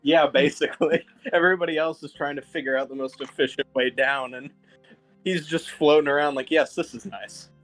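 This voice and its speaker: A man's voice: fairly high pitch, fairly even intonation, brisk, fairly bright tone. Guy making dry jokes at a game table, faint music behind. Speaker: player. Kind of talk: casual tabletop play.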